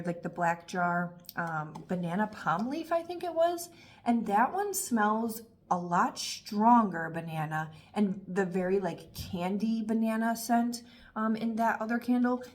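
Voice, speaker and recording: A woman in her thirties talking casually and warmly about candles, gushing and chatty with lots of fillers. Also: medium pitch. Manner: gushing, emotional, talkative with frequent fillers. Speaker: candle reviewer. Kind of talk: casual review vlog.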